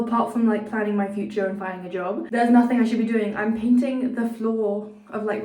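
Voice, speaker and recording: Chatty young woman, echoey room. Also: fairly high pitch. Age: young adult. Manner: chatty and excitable, jokey and self-mocking. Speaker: student vlogger. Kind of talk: casual vlog talk to camera.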